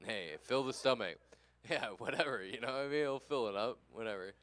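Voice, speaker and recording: A man's voice: medium pitch, brisk, fairly bright tone. Tired, rambling man doing stand-up. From California. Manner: rambling, self-deprecating, crude, tired. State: tired and tipsy. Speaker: stand-up comedian. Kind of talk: stand-up set.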